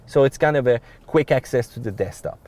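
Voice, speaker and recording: A man's voice: mid-range voice, a little fast, darkish tone. A man with a French accent giving a casual walkthrough of a pickup's dashboard controls, loose and full of fillers. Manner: loose explaining with frequent uh fillers and restarts. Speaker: car reviewer. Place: inside a pickup truck cab.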